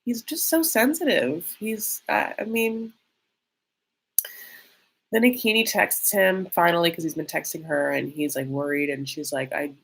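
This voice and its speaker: Gossipy lady reacting to reality tv live, lowish voice, rambly and fast in spurts. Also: creaky, slightly rough. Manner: chatty, lots of fillers, bursts of speed, gossipy. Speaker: reaction show host. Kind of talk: casual live reaction commentary.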